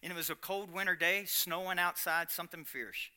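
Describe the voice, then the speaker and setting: A middle-aged man telling a story from the pulpit, his voice very sharp and a touch high for a man. He swings between loud, animated bursts and hushed, quiet passages, like a preacher sharing a testimony. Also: a little fast. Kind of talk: storytelling sermon.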